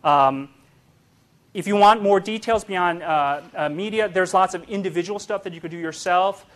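A man delivering a public talk, animated and emphatic. His voice sits a little high, and he keeps checking in with the audience with "right?" while stumbling through the odd "uh". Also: normal speed. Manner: animated, emphatic, frequent "right?" tags and fillers. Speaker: speaker giving a public talk. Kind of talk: lecture with audience.

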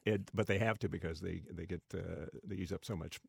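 Deep gravelly man on radio. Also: steady tone, quick pace, a little mellow, no echo. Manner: easygoing, hesitant with many uhs. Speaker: radio co-host. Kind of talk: casual radio chat.

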